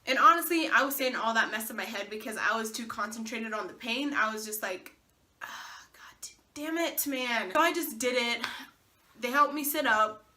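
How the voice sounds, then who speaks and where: A young woman vlogger telling a personal story in a casual, animated way, acting out the dialogue with laughs and swearing. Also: a little high, brisk.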